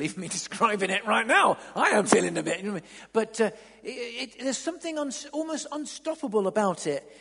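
A man preaching an evening sermon in a church hall, dramatic and swinging from loud to near-whisper. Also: sits high, breathy edge. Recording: long reverb in a large hall.

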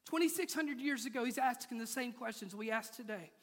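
A man's voice: extremely high pitch, brisk, a bit bright. A man preaching a sermon in a church, moving from playful asides to intense, rising appeals. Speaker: pastor. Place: church sanctuary. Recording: large hall with long reverb.

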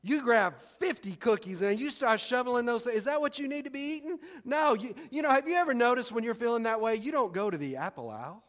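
A man preaching a sermon as pastor, emphatic, with dramatic pauses and repeated phrases. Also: extremely high pitch, a bit bright, long reverb tail. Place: church sanctuary.

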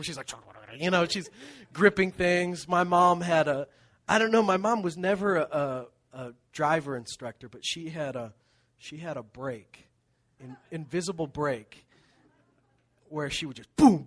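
Man, pastor, sermon, lively storytelling, slightly high-pitched, drops to hushed tones. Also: a little slow. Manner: animated storytelling, laughing, then dropping to hushed tones.

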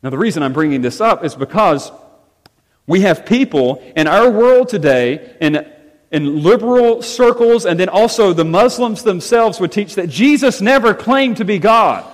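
A man preaching to his congregation with a high, lively voice that climbs and dips for emphasis. His words ring out with a long reverb through the church sanctuary. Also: normal speed. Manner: animated preaching, rising and falling emphasis. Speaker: pastor. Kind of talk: sermon.

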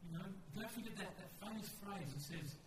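A man's voice: high-pitched, brisk. A man preaching a storytelling sermon, candid and conversational, often restarting his sentences. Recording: echoey hall, distant mic, faint noise.

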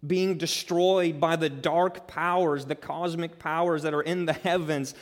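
Emphatic preacher in a reverberant hall. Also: male voice, on the high side, fairly even intonation, moderate pace, few pauses. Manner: emphatic, builds to loud peaks, acts out quotes conversationally. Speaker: pastor. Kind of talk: sermon. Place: church sanctuary.

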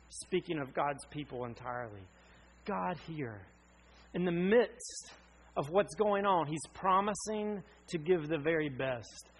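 A man's voice: high voice, fairly bright tone, breathy edge, low-quality recording. A man in his thirties, from North Carolina, preaching an earnest sermon with emphatic questions. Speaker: pastor.

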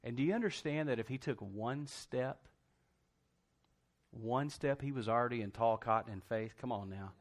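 A man's voice: medium pitch, normal speed. A man preaching a sermon, telling the story conversationally and in a folksy way, acting out quotes and laughing often. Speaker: pastor.

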